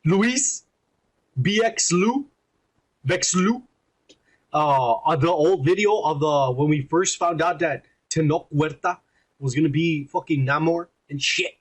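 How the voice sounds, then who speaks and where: A man from Texas co-hosting a casual podcast, reading comments aloud with loud, crude, profane banter and frequent laughter. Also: on the high side, a little slow, husky. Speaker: podcast co-host.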